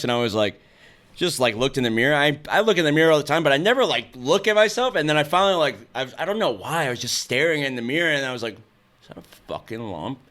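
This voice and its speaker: A young man speaking quickly in a casual interview. His pitch sits in the middle range. He tells rapid, profane stories and acts out what people said. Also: fairly bright tone. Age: young adult. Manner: fast, profane storytelling with lots of acted quotes. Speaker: guest.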